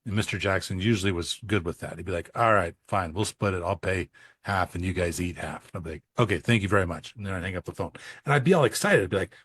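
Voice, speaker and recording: A man with a low voice co-hosts a casual podcast for accountants. He talks in a loose, conversational way and acts out both sides of client conversations as he tells stories. The sound is dry and close. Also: quick pace, breathy edge, no room sound. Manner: animated storyteller who acts out dialogue. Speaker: podcast co-host and accounting coach.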